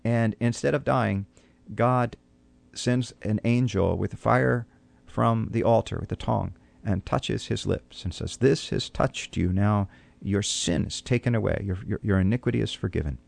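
Man, radio pastor, low voice, dry close mic, earnest preacherly talk, repeats words as he starts. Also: unhurried, vocal fry, darkish tone, dry recording.

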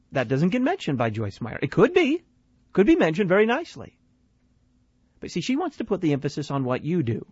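A man's voice: mid-range voice, darkish tone, slightly rough, no echo, muffled recording. A male radio host giving analytical commentary, posing questions and answering them himself.

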